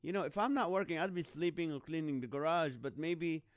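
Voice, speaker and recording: A middle-aged man hosts a live online show, chatting loosely and greeting viewers one by one. His voice sits a touch high and sounds smooth and resonant. The sound is dry and close. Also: fairly quick, dry recording. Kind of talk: casual live-stream chat.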